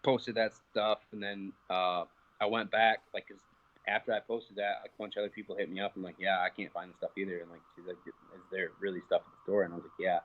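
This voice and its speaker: Low-voiced man telling a heated, profane story. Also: flat delivery, fast, phone-quality sound. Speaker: interview guest, professional fighter. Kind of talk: casual phone interview.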